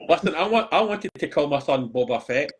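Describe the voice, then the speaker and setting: A man chatting casually on a podcast, animated and swearing freely as he tells stories. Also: fairly high pitch, a little fast, a crowd in the background. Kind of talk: casual chat.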